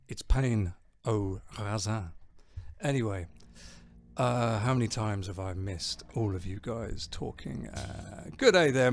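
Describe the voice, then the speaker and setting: Man, low voice, gravelly, casual stream chat, rambling and jokey, reading chat aloud. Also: a little mellow. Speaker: streamer and band bassist.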